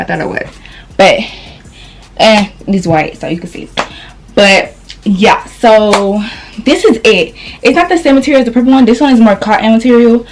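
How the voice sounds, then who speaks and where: A young woman vlogger chatting casually through a clothing haul, a little out of breath, rambling and calling her viewers y'all. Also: mid-range voice.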